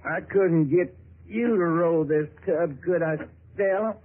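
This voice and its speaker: A man's voice: a little high, a little slow, a little hiss or hum, close to an everyday voice. An actor playing a folksy, wheedling middleman in a 1950s radio drama. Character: smooth-talking Southern middleman, called Dixie. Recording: tinny lo-fi old radio broadcast.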